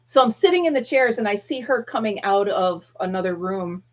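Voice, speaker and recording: A woman's voice: medium pitch, animated, a little fast, lo-fi sound. A middle-aged woman hosting a live stream, chatting casually and acting out what people said in her story. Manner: chatty storyteller, acts out quotes. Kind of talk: casual chat with viewers.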